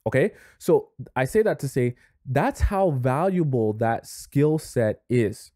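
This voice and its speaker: Man giving dating advice, warm-toned. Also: medium pitch, lively intonation, slow pace, no echo, clean studio sound. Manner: emphatic, conversational, acts out scenes. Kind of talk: direct-to-camera advice talk.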